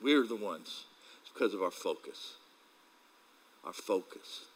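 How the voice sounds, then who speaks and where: A man's voice: low-pitched, lively intonation, unhurried, a little hiss or hum, poor audio. A male pastor preaching a casual sermon, telling stories with acted quotes and laughing along as he talks.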